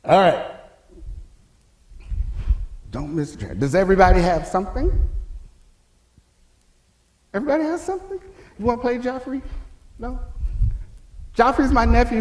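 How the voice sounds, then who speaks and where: A man's voice: sits high, very animated, a little fast, long pauses, darkish tone. A man presenting a conference workshop, chatty and joking, with loose restarts. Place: conference room. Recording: echoey conference room.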